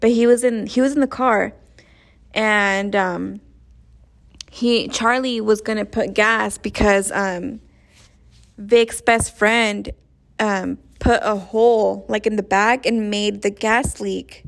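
A woman's voice: mid-range voice, steady tone, slow pace, vocal fry. A young woman casually retelling a story in a rambling, profane way, full of slang and fillers. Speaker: show recapper. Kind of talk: casual plot recap.

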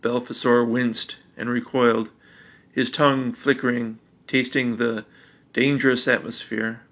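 A man narrating a fantasy story in an even, unhurried reading. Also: medium pitch.

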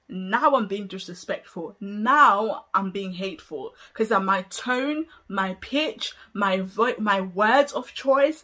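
A woman's voice: mid-range voice, a bit bright, breathy edge. A woman hosting a solo podcast, making an emphatic, argumentative case with many rhetorical questions and laughing between points. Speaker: podcast host.

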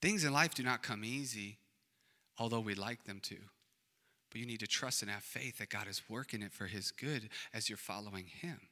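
A male pastor preaching a sermon, swinging between loud emphatic declarations and hushed, quiet passages. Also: lowish voice, normal speed. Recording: long reverb of a large hall.

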